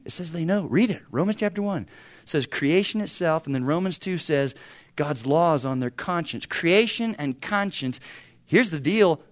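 A pastor in his fifties delivers a sermon in a conversational, humorous style punctuated by sudden bursts of emphasis. His voice is on the high side and animated, at a moderate pace.

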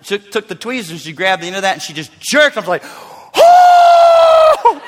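A man preaching a sermon, telling stories with dramatic swings between loud bursts and hushed asides. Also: high voice, expressive, fast. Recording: long reverb of a large hall.

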